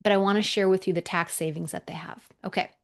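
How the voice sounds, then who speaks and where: An energetic woman walks through an educational presentation as a tax accountant. She speaks emphatically and stops to ask her audience rhetorical questions to drive her points home. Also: lowish voice, fast talker.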